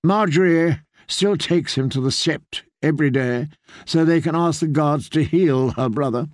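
A man's voice: on the high side, a little slow, dry recording, studio quality, pitched above the performer's own voice, close to an everyday voice. A man voicing a proud, fearful queen in an audiobook reading, with a haughty, scheming manner. He lifts his voice to play her. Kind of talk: audiobook character voice.

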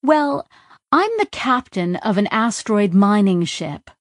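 A woman's voice: medium pitch, lively intonation, measured pace, no room sound, clean studio sound, lightly acted. A woman voicing a gleeful, playful young female AI in an artificial body. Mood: bright.

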